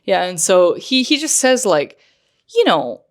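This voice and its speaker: Chatty low-voiced woman telling a story. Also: big pitch swings, a little slow, a little hiss or hum. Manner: chatty storytelling with many fillers and laughs. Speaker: podcast co-host. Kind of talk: casual chat.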